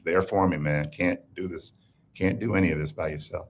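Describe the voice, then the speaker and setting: Deep-voiced man, a reflective interview guest. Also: steady tone. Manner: measured, reflective, hesitant restarts. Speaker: guest executive. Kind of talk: conversational interview.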